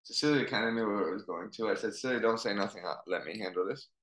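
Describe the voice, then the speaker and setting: A man's voice: on the low side, fast talker, roomy sound, low-quality recording. A man, a football coach, telling a story in casual conversation and acting out the dialogue. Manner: animated storyteller, acts out dialogue.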